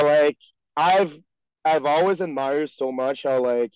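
A man's voice: on the high side, slow, clean tone, no room sound. A young man whose first language is French, speaking English with a French Canadian accent, rambling in a casual podcast chat full of "like" and "you know". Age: young adult. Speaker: guest, pro hockey player. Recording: dry, dull lo-fi sound.

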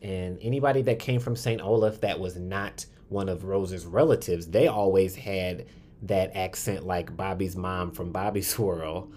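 A man co-hosting a podcast in casual chat, chatty and quick to laugh, swearing freely. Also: low-pitched, a little mellow, slight background noise. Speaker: podcast co-host.

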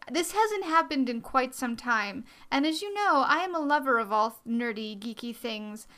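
A young woman talks through a casual podcast monologue in a chatty, rambling way, poking fun at herself as she goes. Her voice is bright and sits a little high. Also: smooth. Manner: chatty, rambling, self-deprecating. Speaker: podcast host.

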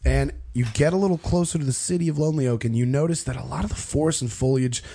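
A man's voice: medium pitch, quick pace, creaky, dark tone, breathy edge. A young man narrating as game master in a tabletop game, rambling and loose with many fillers.

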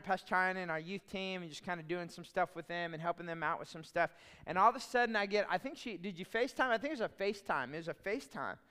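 A man's voice: high voice, sharp tone, clean tone. A man preaching a sermon as pastor, in a conversational, storytelling way with chatty asides.

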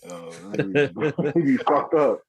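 A man's voice: medium pitch, animated, drawn-out words, a little mellow. A man in his thirties, a dad, chatting casually with loose slang and frequent laughter. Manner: laid-back slang, laughs often. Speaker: podcast co-host. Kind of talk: casual chat. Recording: muffled lo-fi mic.

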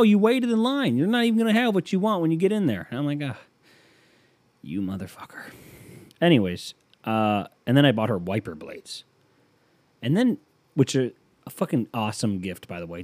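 Male podcast comic, sarcastic and profane, dark tone, dry mic. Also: fairly low pitch, no room sound. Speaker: podcast host. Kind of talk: comedic monologue.

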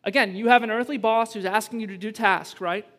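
A high-pitched American man preaches in an emphatic, conversational way, mixing humor with growing urgency. His voice rings out with a long reverb, as if he is in a big church sanctuary. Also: steady tone, brisk, a bit bright. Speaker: pastor. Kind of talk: sermon. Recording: long reverb from a large hall.

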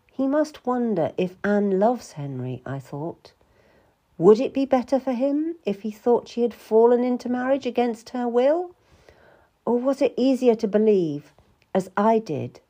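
A woman reading a first-person historical novel aloud in a measured, reflective way. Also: medium pitch, dark tone. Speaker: audiobook narrator.

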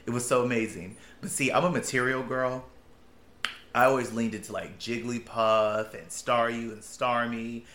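A man in his late twenties, a podcast co-host chatting casually, gushing and swearing, quick to laugh. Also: medium pitch, steady tone, fairly bright tone, roomy sound, slight background noise. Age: late 20s. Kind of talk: casual chat.

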